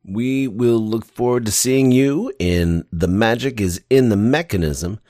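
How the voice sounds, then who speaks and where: A man with a low, deep voice hosts a podcast in relaxed conversation, rambling and enthusiastic as he talks. The sound is dry and close, with no room echo. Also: a little slow. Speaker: podcast host. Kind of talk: casual interview chat.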